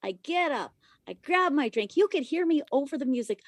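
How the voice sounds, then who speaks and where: A young adult woman, a podcast guest, telling a story casually in an animated, profane way, loud when she quotes herself. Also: high voice, a little fast. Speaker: podcast guest, former stripper.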